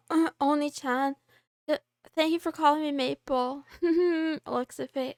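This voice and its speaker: A woman's voice: sits high, fairly even intonation, slow, no room sound, clean studio sound. A woman livestreaming as a VTuber, chatting casually and playfully, greeting viewers one by one with wry, self-mocking asides. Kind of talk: casual livestream chat reading viewer messages.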